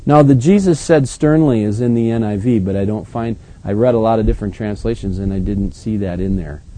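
Mellow-voiced pastor, conversational. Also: male voice, fairly low pitch, fairly quick, low-quality recording. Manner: reads scripture aloud, then comments in a relaxed, conversational way. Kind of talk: Bible reading with sermon commentary.

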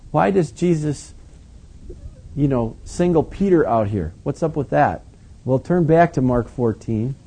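A male pastor delivering an animated, emphatic sermon with conversational asides. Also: on the high side, breathy edge.

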